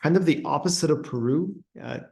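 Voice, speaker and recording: A man's voice: fairly high pitch, a little fast, gravelly, darkish tone. A man giving a webinar presentation on trade data, hesitant with many fillers and restarts and an uneven pace.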